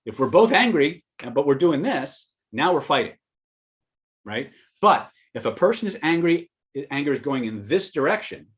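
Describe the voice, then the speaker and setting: A male persuasion trainer talks through his lessons in a loose, conversational seminar style. He tells stories and acts out quoted lines, now and then breaking into sudden loud outbursts, with asides to the people listening. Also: on the high side. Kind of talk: live seminar storytelling and teaching.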